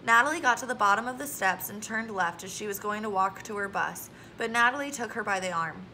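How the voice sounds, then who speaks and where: A woman reading a children's novel aloud in a steady storytelling manner. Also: mid-range voice, brisk, a little hiss or hum, poor audio. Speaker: audiobook reader.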